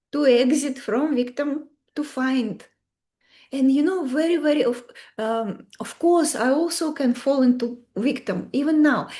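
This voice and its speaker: A woman with a high, bright voice leads a live online coaching class over a video call. She speaks with animated emphasis. Her English has a simple, non-native phrasing. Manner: animated, emphatic, acts out client quotes in varied voices. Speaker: beauty and mindset coach.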